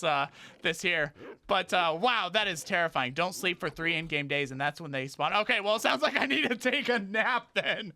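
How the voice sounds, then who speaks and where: Bright-voiced male gaming streamer. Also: dry recording. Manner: rambling, halting talk with many restarts; breaks into high startled yelps at the game. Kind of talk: casual livestream gaming chat.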